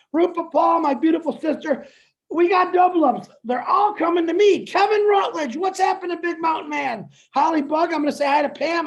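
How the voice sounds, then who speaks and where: A strikingly high-pitched man from the United States hypes up a livestream audience. He shouts with pumped-up energy as he greets viewers on a video call. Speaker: co-host. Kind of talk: hyped-up livestream shout-outs.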